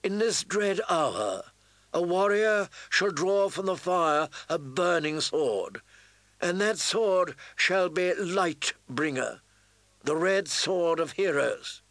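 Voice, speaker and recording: Brief: male reader doing a zealous priestess in a storybook reading, high and slow, chanting, dry close sound. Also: lively intonation, fairly bright tone, dry recording, heavily acted. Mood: solemn prophecy. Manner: chanting, incantatory. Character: fervent female red priestess, commanding.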